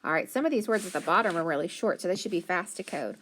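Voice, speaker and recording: A woman teacher giving a phonics lesson, sounding out words slowly syllable by syllable and praising often. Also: lowish voice, animated, a bit bright, slight background noise.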